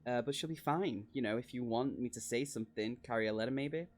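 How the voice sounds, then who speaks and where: Easygoing male adventurer, old comrade, mid-pitched and plain. A man reading the part aloud. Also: fast, natural voice. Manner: casual, plain reading with small stumbles.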